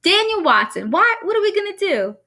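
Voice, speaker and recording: A woman voicing a worried mother with a Southern accent, gentle and fretful, while reading a story aloud. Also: extremely high pitch, very animated, a little fast, voice pushed up, exaggerated voice. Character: worried mother, talks Southern when upset.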